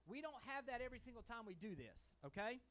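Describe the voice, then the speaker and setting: On a conference hall stage, a male panelist holding a handheld mic speaks in a folksy, emphatic way and keeps checking in with his listeners. He is a fast talker with a very high-pitched, sing-song, fairly bright voice.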